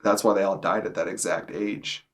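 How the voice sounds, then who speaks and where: A man in his twenties giving a personal testimony to camera, in a casual, halting way with many fillers. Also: sits low, fairly even intonation. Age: 20s. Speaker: testimony speaker. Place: indoors, speaking to a camera.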